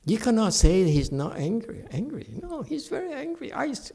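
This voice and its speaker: A middle-aged man giving a dharma talk with questions and answers, animated, laughing and acting out quoted voices. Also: very high voice, normal speed, creaky, breathy edge. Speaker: meditation teacher.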